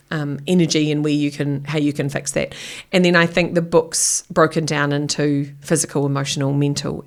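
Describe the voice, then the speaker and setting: Middle-aged woman guest, punchy and blunt, voice sits a bit low, plays out the back-and-forth. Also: creaky. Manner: energetic, blunt, acts out quoted exchanges. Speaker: guest, author and keynote speaker. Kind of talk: casual interview chat.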